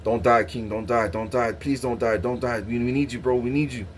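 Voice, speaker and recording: A man's voice: mid-range voice, fairly even intonation, a little fast, a little hiss or hum, voice pushed down, close to an everyday voice. A man voicing a group of anxious male angels who keep begging in repetitive, pleading phrases.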